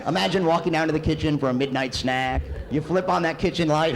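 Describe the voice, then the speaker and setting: A man's voice: on the high side, a little fast, vocal fry, hardly any pauses, crowd noise, noisy background. A male comedian performing a stand-up set live on a community center stage, with a dry, wry delivery.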